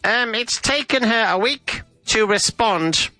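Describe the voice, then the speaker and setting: A man reading out example sentences for a grammar lesson, each one slowly after a short filler. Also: high-pitched, expressive, bright, forceful tone, no echo, soft background music.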